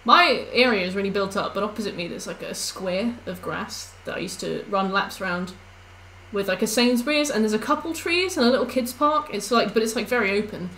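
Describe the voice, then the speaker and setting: A woman's voice: mid-range voice, lively intonation, brisk, a bit bright, a little hiss or hum, poor audio. A young woman chatting casually on a live stream while she plays, rambling through stories with lots of fillers.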